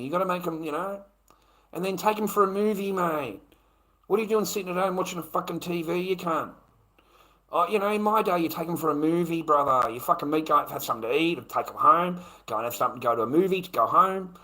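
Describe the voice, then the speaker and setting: A middle-aged Australian man rambles through a foul-mouthed livestream monologue. His voice sits a little high and comes out bright and forceful, with a crude, meandering delivery peppered with "mate". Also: expressive, a little fast, poor audio. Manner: crude, profane, rambling, keeps tagging "mate".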